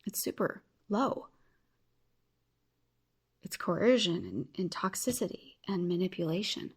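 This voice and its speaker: Husky-voiced woman giving earnest encouragement. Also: on the low side, animated, measured pace. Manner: earnest, encouraging, addresses listeners directly. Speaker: podcast host. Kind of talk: motivational podcast talk.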